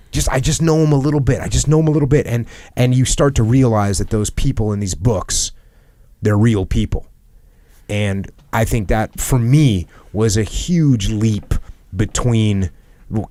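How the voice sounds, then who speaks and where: A man's voice: mid-range voice, darkish tone, no echo. A middle-aged man hosting a podcast. He talks in an earnest, reflective way and repeats phrases for emphasis. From United States. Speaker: podcast host. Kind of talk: reflective conversational talk.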